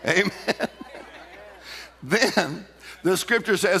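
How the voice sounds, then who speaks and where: A man's voice: a little high, expressive, normal speed, creaky, pushed and bright. A man preaching a sermon in a church, emphatic and laughing often as he calls out to the congregation. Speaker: pastor. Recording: reverberant hall.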